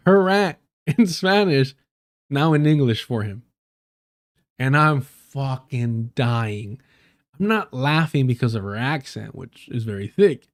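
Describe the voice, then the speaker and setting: A man hosting a live stream, chatting loosely and swearing often. His tone is joking and full of slang, at an ordinary pitch for a man. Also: lively intonation, slow pace. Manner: profane, joking, uses a lot of slang. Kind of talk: casual storytelling on a live stream.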